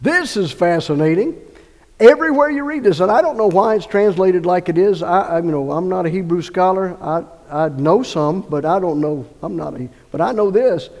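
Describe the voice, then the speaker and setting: Pastor guy preaching, kinda high voice, lots of emphasis, big echoey church sound. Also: normal speed, darkish tone. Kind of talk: sermon. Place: church sanctuary. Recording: long church reverb.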